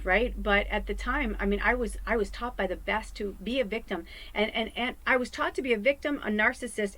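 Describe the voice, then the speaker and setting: Speaking from home in a rough recording, this psychic medium and card reader has a mid-range, fairly bright voice. She rambles candidly to her viewers, laughing and swearing often.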